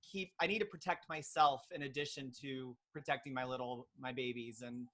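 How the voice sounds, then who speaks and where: A man's voice: mid-range voice, fairly even intonation, normal speed, pushed and bright. A young man, a pediatric nurse, talking earnestly as a podcast guest, with lots of ums and likes. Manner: earnest, filler-heavy storytelling. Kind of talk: casual interview chat.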